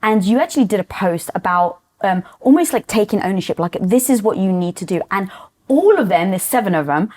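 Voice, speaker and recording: Woman host, mid-range voice, chatty and animated, casual filler-heavy talk. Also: medium pitch, a little fast. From Greek family background. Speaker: podcast host. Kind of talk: conversational interview.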